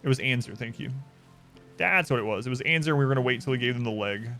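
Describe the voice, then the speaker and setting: A man's voice: mid-range voice, fast talker, sharp tone. A male game streamer with a mid-range voice, talking casually and wryly as he plays. He rambles, reacts to the game and answers viewers in loose, offhand commentary, with faint music underneath. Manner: rambling, wry, chatting to viewers.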